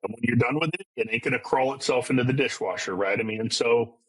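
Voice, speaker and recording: Husky middle-aged man telling his story. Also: mid-range voice, fast talker, a bit bright, poor audio. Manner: blunt and earnest, with casual profanity. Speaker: podcast guest. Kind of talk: candid personal storytelling.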